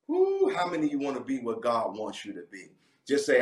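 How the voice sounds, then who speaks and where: With huge swings in pitch around a medium base, this pastor speaks at normal speed through a fervent livestreamed sermon, punctuated by abrupt whoops. The recording comes from a mic at a distance in an echoey room.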